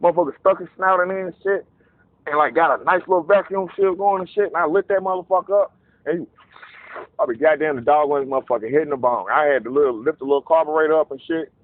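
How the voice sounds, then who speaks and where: A man telling a casual, profane story, animated and acting out voices in quotes. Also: a little high, fast, no room sound. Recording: narrow phone-like dry sound.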